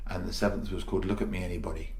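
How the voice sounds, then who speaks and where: Comedian guest, male, low-ish voice, lively storyteller who acts out lines; roomy recording. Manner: animated storytelling, quick to act out voices. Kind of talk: casual podcast interview. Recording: echoey room.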